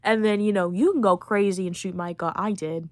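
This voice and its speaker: Clean studio sound with no room noise captures a late-teen woman's steady, mid-range voice moving a little fast. She's a podcast host rambling through a casual recap, full of fillers and emotional about the story.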